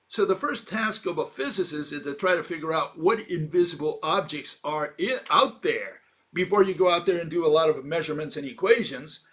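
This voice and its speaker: A man's voice: on the high side, a bit bright. Emphatic man lecturing with fillers. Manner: argumentative, emphatic, with frequent fillers and rhetorical questions. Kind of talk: informal explanatory monologue.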